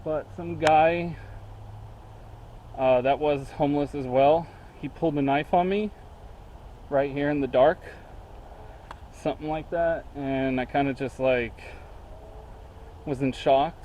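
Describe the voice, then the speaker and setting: Slow-talking man rambling in the woods. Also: a little high, fairly even intonation, a little mellow, slight background noise. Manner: rambling, many fillers. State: out of breath. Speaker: vlogger. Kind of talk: casual walking vlog. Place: outdoors in woods.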